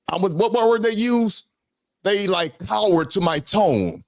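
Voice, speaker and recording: Emphatic high-voiced man. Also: unhurried, vocal fry, darkish tone, no echo, clean studio sound. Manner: emphatic, rhetorical questions. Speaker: podcast host. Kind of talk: casual panel talk.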